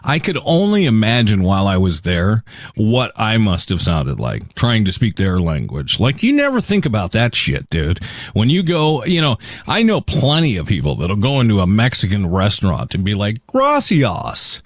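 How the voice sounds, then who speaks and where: Brief: lower-voiced man co-host, rambling casual talker, swinging pitch. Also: huge pitch swings, moderate pace, no room sound, studio quality. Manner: rambling, lots of fillers and restarts, says dude. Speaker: podcast co-host. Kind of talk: casual chat.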